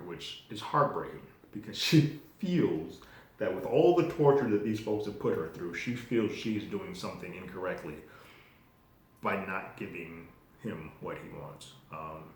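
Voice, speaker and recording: A man hosting a show, giving a casual, animated recap and review of a TV episode, acting out the characters' lines and swearing freely. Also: low voice. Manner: animated retelling with acted-out quotes, swears, loose restarts. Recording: very echoey room, faint noise.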